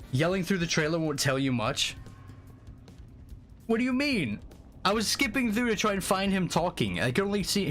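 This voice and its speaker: Excitable, swearing male game streamer. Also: high-pitched. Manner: excitable, profane, rambling. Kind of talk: casual live-stream chat. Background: faint music.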